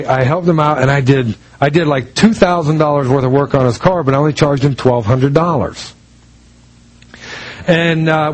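A man's voice: a little high, low-quality recording. A man preaching a sermon in a conversational way, telling a personal story with many restarts and acting out the other people's lines in dialogue. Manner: acts out quoted voices in dialogue.

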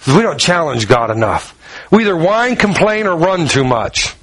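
A man preaching a sermon, telling the story with lively energy and acting out the characters' lines as he walks around. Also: on the high side, normal speed, slightly rough, low-quality recording.

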